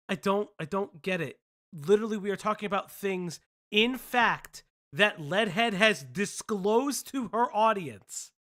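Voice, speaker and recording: A man's voice: sits high, bright, forceful tone. A man hosting a casual commentary stream, rambling, laughing often and swearing.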